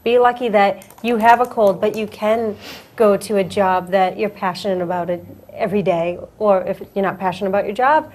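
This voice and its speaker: A young woman hosting a casual talk show, animated and laughing, acting out little quoted lines. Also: medium pitch, a little fast. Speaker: host. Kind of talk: casual chat.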